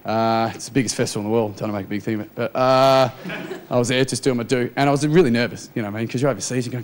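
A man's voice: mid-range voice, steady tone, racing. An Australian man doing a chatty, self-mocking stand-up set in a TV studio. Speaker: stand-up comedian. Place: TV studio with live audience.

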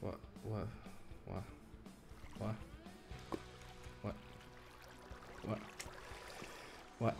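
A young man streaming a game, complaining and swearing, muttering low one moment and shouting the next. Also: expressive, moderate pace, pauses often. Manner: frustrated, swearing, swings from mumbling to shouting. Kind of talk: live gameplay commentary. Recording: game music behind the voice. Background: game music.

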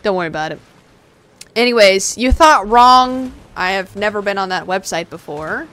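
A woman's voice: mid-range voice, animated, normal speed, a bit bright. A woman streamer chatting casually while gaming, playful and sarcastic.

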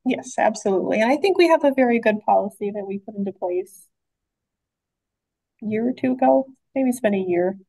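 A woman's voice: mid-range voice, brisk, gravelly, mellow, no room sound, poor audio. A woman, a library director, running a public board meeting in a chatty way with lots of fillers and restarts.

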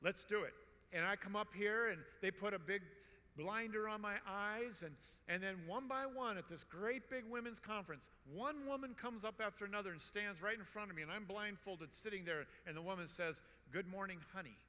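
A man in his sixties giving a storytelling conference talk in a large hall, animated and joking, with emphatic repetition. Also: high-pitched, brisk. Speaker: conference speaker. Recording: long hall reverb.

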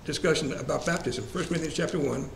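A man's voice: on the high side, fast talker, gravelly. A man leading a church Bible study class in a conversational way, asking the group questions and repeating verse references. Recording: echoey room, faint ambient hiss.

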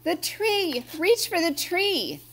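Little boy reindeer from a storybook, eager and brave, high voice as a lady reads him. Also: big pitch swings, normal speed, a bit bright, heavily acted. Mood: alarmed.

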